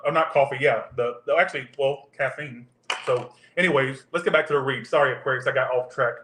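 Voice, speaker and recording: A man's voice: medium pitch, brisk, fairly bright tone, echoey room, slight background noise. A man giving a casual tarot reading, rambling off into profane tangents. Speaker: tarot reader.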